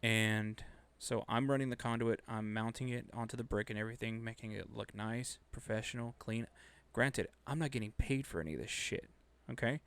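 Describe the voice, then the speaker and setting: A man tells a story in a relaxed, chatty way, cursing often and getting worked up. His middle-pitched voice has a gravelly edge. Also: normal speed, hardly any pauses. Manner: profane, animated storyteller. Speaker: podcast co-host. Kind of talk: casual storytelling chat.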